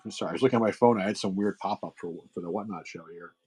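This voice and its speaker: A man's voice: deep voice, fast, a little mellow, slightly rough, low-quality recording. A middle-aged man hosting a livestream sale, chatting casually with viewers, rambling with lots of fillers and restarts. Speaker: livestream seller host.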